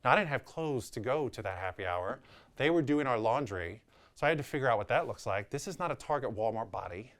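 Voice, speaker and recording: Speaking fairly quickly in a medium-pitched voice, this man in his thirties, a real estate agent with a New Orleans accent, candidly recounts something from his own life. He's animated and mimics each person's voice when quoting them.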